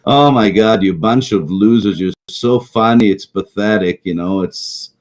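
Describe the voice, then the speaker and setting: A man's voice: lowish voice, a little slow, a little mellow, poor audio. A middle-aged man co-hosting a casual political talk show, rambling and mocking, often repeating himself.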